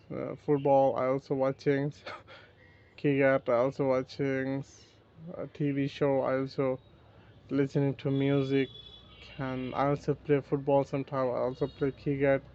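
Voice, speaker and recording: A man with a Bangladeshi accent practicing English in a casual chat, speaking haltingly with broken grammar and restarts. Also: medium pitch, monotone, a little mellow, muffled recording. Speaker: English learner.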